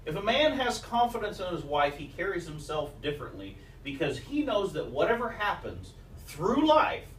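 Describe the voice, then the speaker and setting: Male pastor preaching, high animated voice, heard from a distance in a roomy church with faint ambience. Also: moderate pace, few pauses, slight background noise. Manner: storytelling preacher, quoting scripture and mothers' sayings. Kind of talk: sermon. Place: church sanctuary. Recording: echoey church recorded from a distance.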